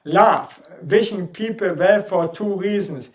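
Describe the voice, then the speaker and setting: A man giving a spoken lesson on how to use the voice, in deliberate, non-native English and demonstrating sounds as he goes. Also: high-pitched. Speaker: voice and speaking coach. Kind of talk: instructional talk on speaking. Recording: roomy echo.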